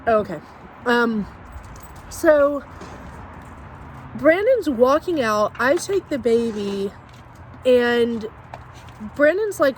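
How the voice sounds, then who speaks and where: Chatty high-voiced woman telling a story. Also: sing-song, slow, long pauses, a little hiss or hum, rough recording. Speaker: vlogger. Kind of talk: casual storytime.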